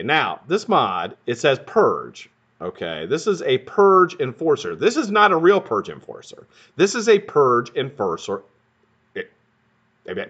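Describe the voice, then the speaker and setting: A man's voice: medium pitch, very animated, unhurried, fairly bright tone, husky. A man hosting a live stream, telling a rambling, profane story in a casual way. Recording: dull lo-fi stream audio.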